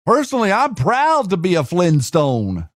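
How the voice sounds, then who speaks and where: A man's voice: high-pitched, huge pitch swings, moderate pace, dry recording, clean studio sound. A man hosting a show, talking casually while screen-sharing, with rambling restarts and rhetorical questions. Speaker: host.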